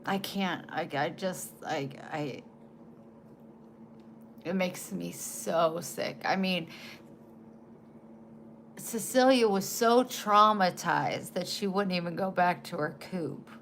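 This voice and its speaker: Lady in her 40s vlogging, kinda low voice, halting and emotional, faint hiss behind. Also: a bit bright. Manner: emotional, halting, trails off and restarts. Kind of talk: casual chat to camera.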